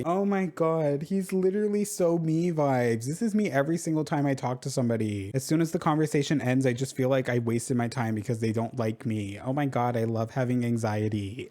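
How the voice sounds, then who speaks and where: A man giving casual gameplay commentary as a YouTuber, rambling and excitable, often joking at his own expense. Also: mid-range voice, normal speed, hardly any pauses. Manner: rambling, self-deprecating, excitable. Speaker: gaming YouTuber.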